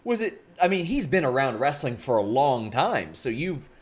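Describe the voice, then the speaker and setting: A man hosting a casual interview, talking with animated energy, joking and restarting phrases. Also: mid-range voice, normal speed, slightly rough. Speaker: interview host.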